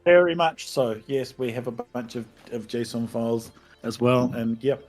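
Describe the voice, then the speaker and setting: A man's voice: mid-range voice, steady tone, measured pace, darkish tone, faint music behind. A man, a game developer, answering interview questions in a thoughtful, easygoing way that is often hesitant.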